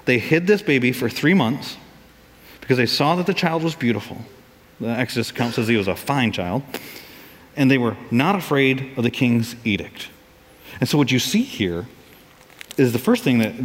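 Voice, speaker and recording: A man preaching a sermon as pastor, lively and animated, acting out voices for comic effect. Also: mid-range voice, brisk. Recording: long reverb of a large hall.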